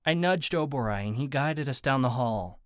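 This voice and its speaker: A man reads a first-person audiobook in a steady, even storytelling manner. His voice sits at a middle pitch, and the close studio recording is dry, with no room sound. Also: moderate pace, dry recording. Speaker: audiobook narrator. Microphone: close studio mic.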